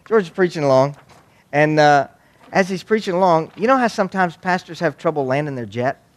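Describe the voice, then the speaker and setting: A man's voice: fairly high pitch, a little fast. Folksy man telling funny stories. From Waco, Texas. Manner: folksy, joking, animated. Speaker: youth ministry speaker. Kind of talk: humorous storytelling talk to an audience.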